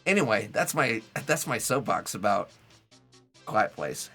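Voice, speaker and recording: Bright-voiced chatty male streamer. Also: fairly low pitch, very animated, unhurried, soft background music. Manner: rambling, chatty, heavy on "like" fillers. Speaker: Twitch streamer playing a video game. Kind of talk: casual live gameplay commentary.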